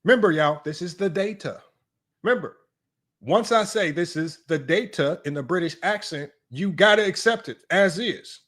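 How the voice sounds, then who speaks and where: A man's voice: sits high, animated, normal speed, a bit bright. A young man hosting a live sports analysis stream, reading stats aloud and talking bluntly and sarcastically to viewers as y'all. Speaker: sports commentary host.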